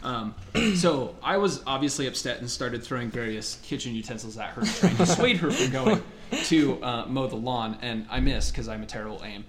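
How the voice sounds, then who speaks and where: A young man co-hosting a podcast, telling a story in casual, animated chat and laughing as he goes. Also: mid-range voice, normal speed. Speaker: podcast co-host.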